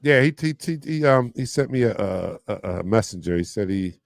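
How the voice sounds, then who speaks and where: A man's voice: lowish voice, lively intonation, brisk, creaky, no room sound, studio quality. A man hosting a casual sports podcast, laughing often and acting out what he said. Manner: laughs often, quotes himself. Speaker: podcast host.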